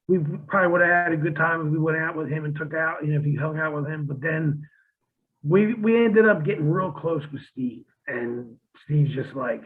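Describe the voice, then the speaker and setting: A man with a notably high speaking voice tells salty wrestling-road stories and slips into quoting the people in them. His sound comes through thin and boxy, as if over a phone line. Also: fairly quick. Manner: profane, vivid storyteller who acts out quotes. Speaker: guest, former pro wrestler. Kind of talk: casual storytelling interview.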